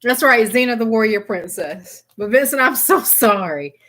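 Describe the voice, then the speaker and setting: On a live stream, a woman reads tarot cards, chatting and giggling with her viewers, whom she calls by name, and she keeps laughing and apologizing. Her voice is fairly high and a bit bright, with lively intonation and a moderate pace. There's a little hiss or hum.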